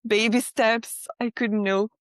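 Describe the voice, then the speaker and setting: A woman's voice: a little high, fairly even intonation, slow pace, dry recording. A young woman from France, sharing a personal testimony as a podcast guest in a chatty way, peppered with "like" and "right?".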